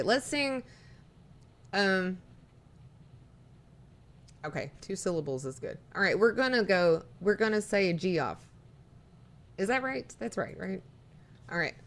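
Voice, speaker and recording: A woman's voice: mid-range voice, vocal fry. A woman live streaming, chatting casually and rambling, reading viewer messages aloud as she talks.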